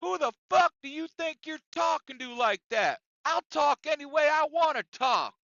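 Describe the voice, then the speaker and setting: Man putting on a shouting angry coworker, high strained voice, cursing, dull lo-fi sound. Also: expressive, normal speed, vocal fry, no echo, exaggerated voice. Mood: furious. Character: angry male coworker throwing a tantrum.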